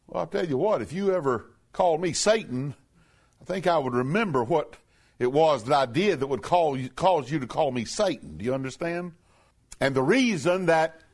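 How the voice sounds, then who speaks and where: A man preaching a sermon, talking plainly to his congregation and reading scripture aloud slowly and emphatically. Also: on the high side. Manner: emphatic, reads scripture in a slow raised voice.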